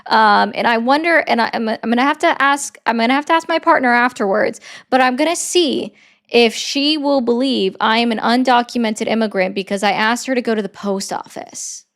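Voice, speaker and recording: A woman with a fairly high voice debates politics, cutting in and repeating her questions until she gets an answer. She talks fast and pointed, never letting a claim slide. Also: fairly bright tone. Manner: persistent, pressing questions. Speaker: political commentator.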